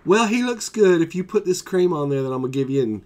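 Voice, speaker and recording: A woman's voice: on the low side, expressive, quick pace, a little mellow, pitched above the performer's own voice, close to an everyday voice. A man doing a bubbly, cheery lady vet. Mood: breezy. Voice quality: upbeat, offhand. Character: cheery bubbly female veterinarian.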